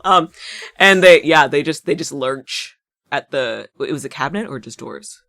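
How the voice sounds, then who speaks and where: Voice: medium pitch, animated, moderate pace, gravelly, sharp tone, dry recording, studio quality. A tabletop player talking casually about their character, chatty, with hesitant fillers.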